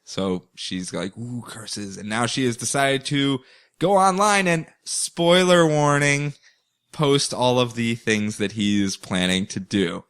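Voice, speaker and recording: A man hosts a podcast, recapping comics with lively, jokey storytelling and an easy laugh. His voice sits at an ordinary pitch, casual and chatty. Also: a little slow, clean tone. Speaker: podcast host.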